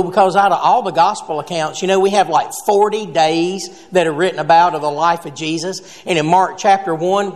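A high-pitched man preaches from the pulpit, telling a homespun joke before walking through the Scripture. His voice rings out with a long reverb tail from the church sanctuary around him. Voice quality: folksy storytelling with jokes. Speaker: pastor. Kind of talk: sermon.

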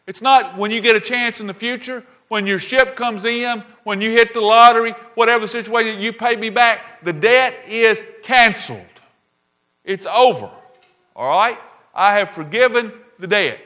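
Male pastor, preaching: bright, forceful delivery that drives home each point by repeating it. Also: sits high, unhurried. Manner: emphatic, repeats key lines, checks in with the audience. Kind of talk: sermon.

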